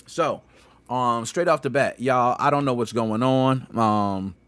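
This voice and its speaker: A man hosting a casual gaming podcast, talking in animated, slangy banter and laughing often. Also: mid-range voice, measured pace, a little hiss or hum. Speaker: podcast host.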